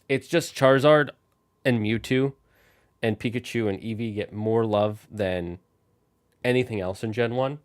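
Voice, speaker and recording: Streaming a game, this man chats loosely and rambles to his audience, addressing his chat directly. His voice sits on the low side, clear and resonant, and he speaks a little slowly.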